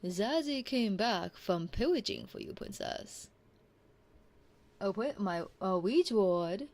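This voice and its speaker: A woman voicing a humble, devoted knight in a whispered role-play, speaking softly in formal, courtly address. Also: medium pitch, animated, takes it slowly. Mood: doting. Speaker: streamer.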